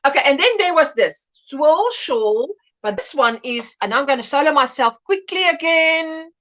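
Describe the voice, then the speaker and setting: A woman's voice: high voice, animated, moderate pace, pushed and bright. A middle-aged woman hosting a casual livestream chat, reading viewers' comments aloud and laughing often. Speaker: livestream host.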